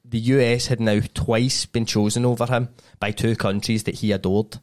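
A man's voice: medium pitch, level tone, moderate pace, a little mellow. A young man hosting a podcast, telling events in casual chat, acting out what people said and swearing as he goes. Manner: acts out quotes of people, swears, mixes chat with narration. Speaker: podcast host.

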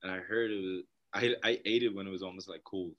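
A young man, a guest on a podcast, telling stories in a laid-back, soft-spoken way with frequent laughs. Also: low-pitched, steady tone, fast, muffled recording. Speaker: guest, professional baseball player. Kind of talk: casual interview chat.

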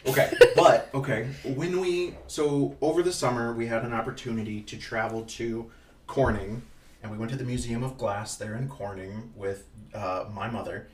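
A man's voice: mid-range voice, fairly even intonation, normal speed. A man co-hosting a casual podcast as a father, talking in a rambling, playful way with lots of ums and restarts. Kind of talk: casual chat. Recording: echoey room, distant from the mic, faint noise.

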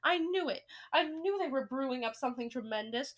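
A shrewd, cigar-smoking old grandmother from a storybook, read aloud by a woman. She speaks briskly and fondly. The voice is bright and sits high.

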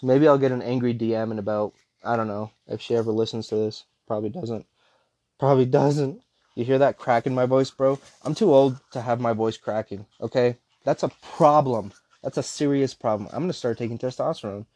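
A man's voice: mid-range voice, darkish tone, dry recording. A man in his twenties hosting a podcast, rambling in casual chat full of slang, calling listeners dude and bro. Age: 20s. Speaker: podcast host.

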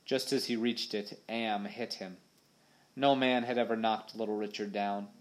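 A man reading an adventure audiobook aloud in a dramatic, vivid storytelling manner. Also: medium pitch. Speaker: audiobook narrator. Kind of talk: scripted narration.

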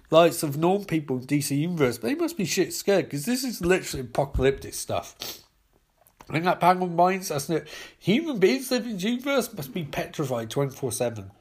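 A man reads a comic aloud in a casual, rambling way, tossing in swears and stumbling over names. His pitch is lively and swings freely as he talks. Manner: rambling, swearing, self-correcting. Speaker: comic reader.

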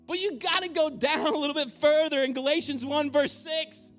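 High-voiced male pastor, conversational preaching. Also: normal speed, few pauses, fairly bright tone, soft background music. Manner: conversational preaching with humorous asides. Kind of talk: sermon. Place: church auditorium.

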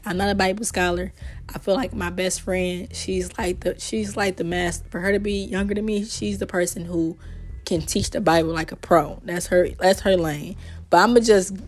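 A woman hosting a home podcast from her bedroom, giving a chatty, earnest Bible study and reading passages aloud. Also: lowish voice. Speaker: podcast host. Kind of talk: casual Bible study talk.

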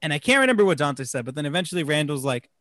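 A man from New Jersey co-hosting a casual movie discussion, animated, laughing often and restarting his sentences. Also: on the high side, racing, no echo, studio quality. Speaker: podcast co-host.

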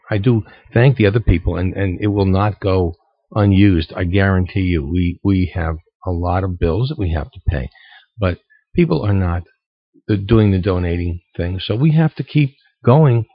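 A man hosting a radio show, talking casually and a little haltingly with restarts. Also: low-pitched, breathy edge, no echo. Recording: dull, lo-fi sound.

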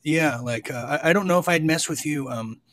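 A man's voice: a little high, fairly quick, crowd noise. A man hosting a call-in show, joking and stammering through casual chat. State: sweating. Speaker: host.

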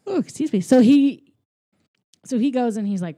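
Woman, casual film recap, chatty, acts out lines, mellow voice, dry close sound. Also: a little high, expressive, no echo. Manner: chatty, acts out characters' lines in quick voices, laughs often. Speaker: podcast co-host.

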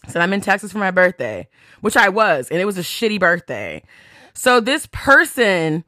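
A woman hosting a podcast tells a story a little fast in a medium pitch, chatty and animated. She reads text messages aloud and swears freely. The recording is dry and studio quality.

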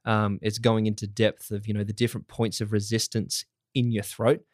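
A man's voice: lowish voice, flat delivery, normal speed, no echo, clean studio sound. A man hosting a casual podcast chat, rambling and swearing with many fillers. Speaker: podcast host.

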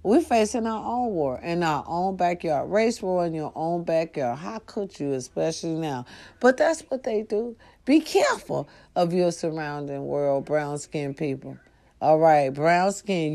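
A woman vlogger talking straight to her followers in a casual, preachy, profane monologue that swings from low murmurs to loud outbursts. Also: lively intonation, normal speed. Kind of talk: casual direct-to-camera monologue.

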